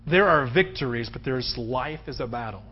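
This sermon comes from a husky-voiced male pastor speaking at a normal speed, preaching emphatically and building to loud, high-pitched peaks. His storytelling is animated, sprinkled with frequent "right?" asides, and the lo-fi recording sounds dull.

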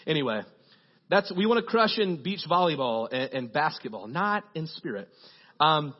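A man preaching a casual, joking sermon as a youth pastor, telling animated stories to his congregation. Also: a little high, moderate pace, slightly rough, dull audio.

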